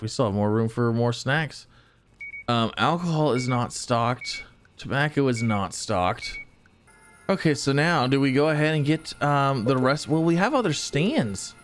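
Excitable man narrating his gameplay. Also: mid-range voice, a little slow, slight background noise. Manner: excitable, talks to himself and viewers, frequent exclamations. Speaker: gaming channel host. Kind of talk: casual game commentary.

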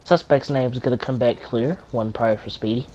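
A man's voice: mid-range voice, steady tone, fairly quick, mellow, lo-fi sound, a little hiss or hum. A man playing a dispatcher in a game role-play over voice chat, giving clipped radio-style reports and laughing often.

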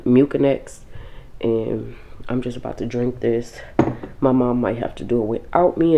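Young woman vlogger with a very low voice, sick and run-down, casual and tired. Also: mellow, poor audio. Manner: tired, informal, talks straight to viewers. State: sick with flu, weak and drained. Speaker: vlogger and mother. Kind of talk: casual vlog chat.

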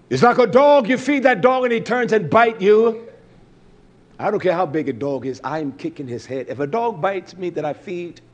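Fiery preacher with a fairly high voice. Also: male voice, breathy edge. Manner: fiery, swinging from loud shouts to low mutters; blunt, salty language. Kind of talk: sermon.

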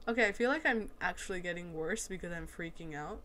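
A woman giving casual let's-play commentary as she plays a video game, excitable and quick to exclaim at the action. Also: lowish voice.

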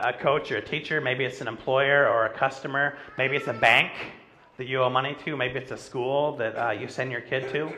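A middle-aged pastor preaches in a relaxed, chatty way, telling a story on himself with plenty of "like" and "you know". His voice is bright and ringing. A faint hum of the room sits behind him. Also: medium pitch. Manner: conversational, self-deprecating storytelling with frequent "like". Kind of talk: sermon with personal stories. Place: church sanctuary.

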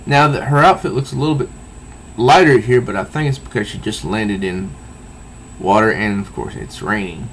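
A man casually reading a comic book aloud and commenting on it, with halting asides. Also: on the low side, expressive, a bit bright, a little hiss or hum.

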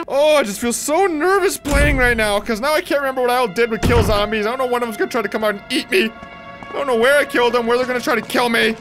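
A man's voice: very high voice, fast. A man giving let's-play commentary on a horror game, jumpy, often shrieking and laughing nervously. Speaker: gaming commentator. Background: game music.

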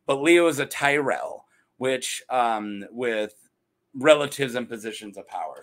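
A man with a fairly high voice that swoops up and down all over the place. He retells fantasy lore in a casual, joking way and often laughs at his own asides, like a host chatting to his regular viewers. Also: fairly bright tone.

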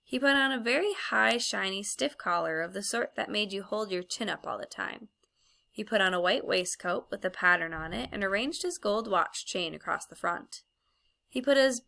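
A woman reading a children's story aloud as a storybook narrator, in an even, clear storytelling manner. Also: mid-range voice. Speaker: audiobook reader.

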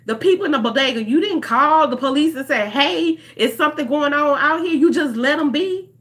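A woman's voice: high voice, lively intonation, fairly quick, a bit bright. A young woman, talking straight to her viewers in an impassioned vlog. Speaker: vlogger. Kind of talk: emotional direct-to-camera commentary.

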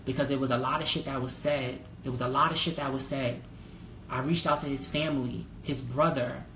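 A man talking casually on a live stream, candid and full of swearing, reading out viewer comments and jumping to a high pitch when excited. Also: a little fast. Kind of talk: casual livestream chat. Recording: roomy echo with faint background noise.

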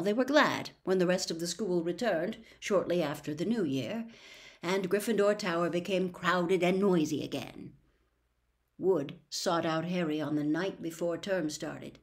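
A woman reading a children's novel aloud as an audiobook, measured and expressive. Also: on the low side. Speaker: audiobook reader. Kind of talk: scripted storybook narration.

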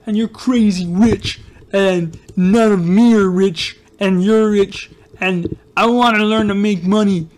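A man voicing an imagined whiny, jealous kid viewer who complains in a drawn-out, childish way. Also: high-pitched, steady tone, darkish tone. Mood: whiny, petulant.

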